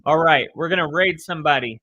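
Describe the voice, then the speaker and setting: A man's voice: on the high side, brisk, sharp tone, no room sound, lo-fi sound. A young man live streaming, chatting casually with viewers, rambling and swearing as he reads the chat.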